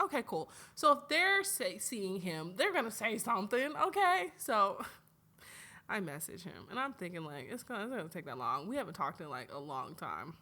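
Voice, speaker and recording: Young atlanta woman chatting solo on her podcast, bright voice, loud then quiet. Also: medium pitch. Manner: animated, chatty, swings between loud outbursts and quiet asides. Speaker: podcast host. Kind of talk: casual solo podcast chat.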